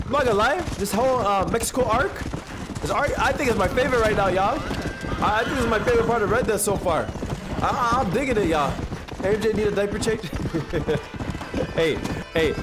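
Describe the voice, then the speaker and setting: Animated young man streaming a game. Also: high-pitched, very noisy. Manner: loud, animated, swings from shouting to muttering. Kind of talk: live gameplay commentary.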